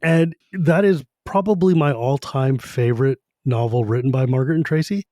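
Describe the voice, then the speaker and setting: A man's voice: mid-range voice, moderate pace, warm tone, dry recording, clean studio sound. Enthusiastic man rambling about books. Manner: enthusiastic, rambling, swears casually. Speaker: podcast co-host. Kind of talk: casual fan discussion.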